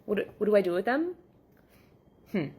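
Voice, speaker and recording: A woman's voice: mid-range voice, sing-song, fairly quick, a little mellow, slightly rough. A woman photographer telling a story about a client in a casual vlog, chatty and exasperated, with lots of "like" and "um". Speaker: boudoir photographer.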